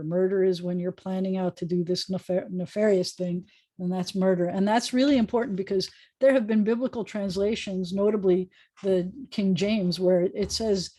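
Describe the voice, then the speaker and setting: A woman rabbi teaching an informal online Hebrew class over a video call, chatty and joking as she sounds out words slowly. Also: mid-range voice, fairly even intonation, mellow, no echo.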